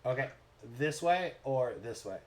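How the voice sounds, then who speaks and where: A man's voice: mid-range voice, measured pace, crowd noise. A man runs a tabletop game with an ordinary mid-range voice. He teases the players, laughs a lot and keeps the turns moving. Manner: laughs often, teasing and animated. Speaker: game master.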